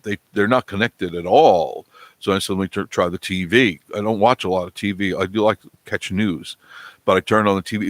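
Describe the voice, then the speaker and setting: A man's voice: sits low, no echo. Rambling man chatting on a live stream. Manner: rambling, animated storytelling with acted-out quotes. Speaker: vlog host. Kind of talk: casual live-stream chat. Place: home studio indoors.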